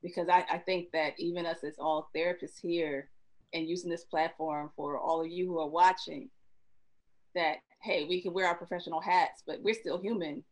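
A woman's voice: on the low side, fairly even intonation, normal speed, low-quality recording. A woman therapist speaking earnestly in a panel discussion, choked up and emotional.

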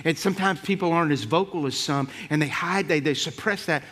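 Brief: male preacher, high voice, plainspoken and punchy, working the congregation. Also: brisk, a bit bright. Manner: punchy, rhyming lines and audience call-outs. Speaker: pastor. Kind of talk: sermon.

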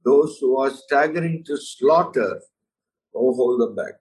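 Earnest slow-talking male preacher. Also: mid-range voice, lively intonation, darkish tone, recorded from a distance, rough recording. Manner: earnest, emphatic, addresses listener as "my friend". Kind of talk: sermon.

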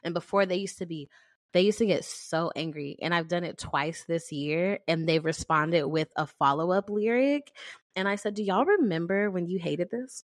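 Lively, cursing young woman podcaster. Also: on the low side, normal speed, no room sound, studio quality. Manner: animated storyteller, swears freely. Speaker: podcast co-host. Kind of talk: casual chat.

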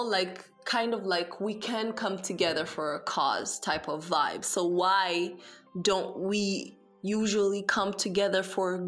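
A woman's voice: medium pitch, a bit bright. A young woman telling a story casually, chatty and profane, switching between Swahili and English.

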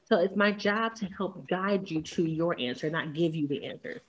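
A woman talks in casual chat on a podcast. Her voice sits low and comes through dull and lo-fi. She is blunt and animated and laughs at herself. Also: moderate pace. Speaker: podcast co-host.

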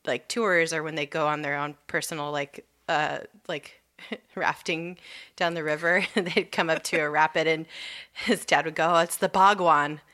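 A woman's voice: deep voice, steady tone, normal speed, pushed and bright. A woman in her thirties chatting casually, telling a rambling story full of fillers. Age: 30s. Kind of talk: casual chat.

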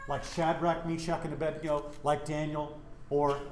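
A middle-aged pastor from Wyoming leads a Bible study in a church and keeps throwing questions at his listeners. His voice sits fairly high for a man. The room gives it a clear echo. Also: moderate pace, slight background noise. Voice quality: animated, questioning the audience.

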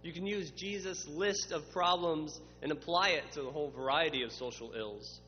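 Man, sermon, somewhat high voice, long reverb, muffled sound. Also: moderate pace, a little hiss or hum. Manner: dramatic voices for quoted questioners, builds to emphatic lists. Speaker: pastor.

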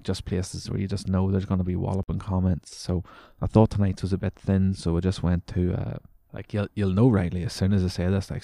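A man's voice: deep voice, gravelly, warm tone, no room sound, studio quality. A young man, a podcast host ranting casually and sarcastically, swearing as he reads news items aloud.

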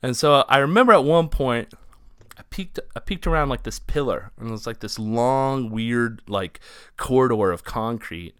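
A man from Ohio, co-hosting a podcast, tells a story in a rambling, casual way full of fillers, and grows animated as it builds. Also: medium pitch, moderate pace, clean tone, dry recording, clean studio sound. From Ohio, USA. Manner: rambling, filler-heavy, animated when excited. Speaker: podcast co-host.

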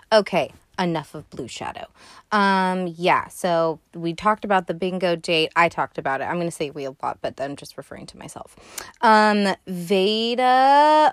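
A young woman hosting a podcast, recapping a film in a casual, profane, animated way with sassy asides. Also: fairly low pitch, no room sound, clean studio sound. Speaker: podcast host.

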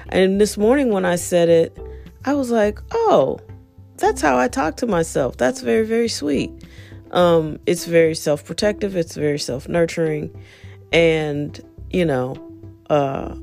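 A middle-aged woman talking earnestly in a rambling, reflective podcast monologue about self-talk, with soft music behind. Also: sits low. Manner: earnest, rambling, self-help tone with many "you know"s. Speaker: podcast host.

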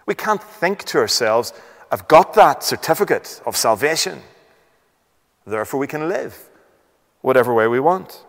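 A man's voice: mid-range voice, very animated, normal speed, creaky, long pauses, in a large hall. A man preaching a sermon, asking rhetorical questions, reading scripture aloud and stressing points emphatically.

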